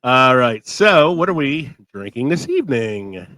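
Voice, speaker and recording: Male podcast host, sore throat, talks a lot, mid pitch, dry close sound. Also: sing-song, unhurried, sharp tone, dry recording, rough recording. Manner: talkative, laughs often. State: sore throat, losing his voice. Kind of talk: casual podcast chat.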